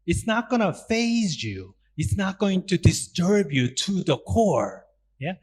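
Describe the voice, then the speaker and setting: A man's voice: sits high, slow, husky. A man with a Korean accent, a Buddhist monk giving a public talk, asking his listeners questions and acting out little quotes. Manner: animated, asks the audience questions, acts out quotes.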